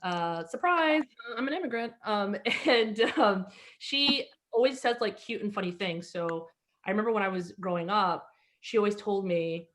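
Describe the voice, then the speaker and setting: A woman born in Egypt hosts an online comedy show over a video call, telling rambling stand-up stories between acts with many fillers and restarts. Her mid-range voice is a bit bright, with lively intonation and a moderate pace.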